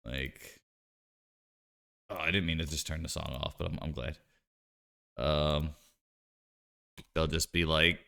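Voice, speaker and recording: A man's voice: very deep voice, fairly even intonation, slow pace, gravelly, long pauses, sharp tone. A man streaming live, chatting casually and joking while he plays a card game, rambling with lots of "like" and "you know".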